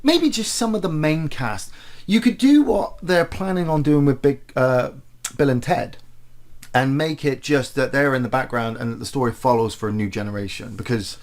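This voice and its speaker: A man's voice: medium pitch, moderate pace. A man co-hosting a casual film podcast, rambling along with plenty of fillers. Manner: rambling, lively, with frequent fillers. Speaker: podcast co-host.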